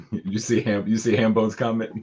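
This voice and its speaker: Easygoing male co-host, lowish voice, slightly muffled mic. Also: little pitch movement, normal speed, a little mellow, breathy edge, soft background music. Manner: laid-back, laughs often, stumbles over restarts. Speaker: livestream co-host. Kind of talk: casual chat.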